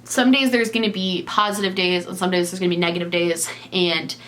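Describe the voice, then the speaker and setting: A woman's voice: lowish voice, steady tone, brisk, a bit bright. A young adult woman talking candidly in a casual vlog while knitting. She often stops and restarts her sentences. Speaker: vlogger. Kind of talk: casual confessional chat.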